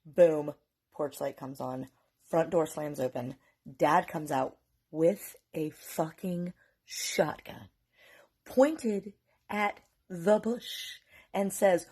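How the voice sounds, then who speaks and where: A woman from North Carolina telling a story in a casual, profane, animated way, often laughing. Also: deep voice, very slow, slightly rough. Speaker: vlogger.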